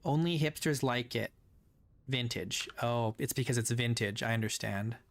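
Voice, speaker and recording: A man giving jokey, wry let's play commentary, sometimes bursting into loud laughing yelps and coughing now and then. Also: medium pitch, moderate pace. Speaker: gaming YouTuber.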